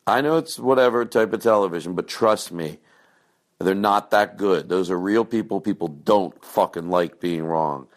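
A man hosting a comedy podcast, rambling in a self-mocking, swearing monologue that jumps into a high excited voice. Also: normal speed.

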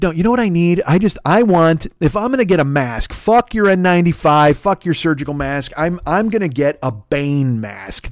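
A man's voice: on the high side, no room sound, studio quality. A man hosting a podcast, ranting in a rambling, profane way and sometimes slipping into voices and scat singing, a bit sniffly from a cold. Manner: rambling, swearing, breaks into impressions and scat singing. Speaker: podcast host. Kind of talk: profane solo comedy rant.

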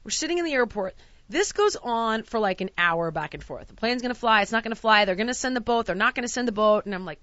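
A woman spins a rambling travel story, acting out every exchange and swearing when she rants. Her voice is bright and swoops up and down. The recording is dry and a little dull. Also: mid-range voice, animated, quick pace, no echo. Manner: dramatic, acts out quotes, rants with swearing. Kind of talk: animated casual storytelling.

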